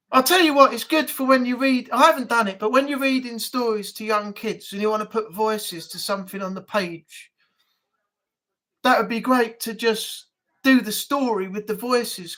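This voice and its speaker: A man's voice: very high-pitched, normal speed, pushed and bright. A man hosting a casual live-stream chat, talking in a rambling, easygoing way with frequent laughs.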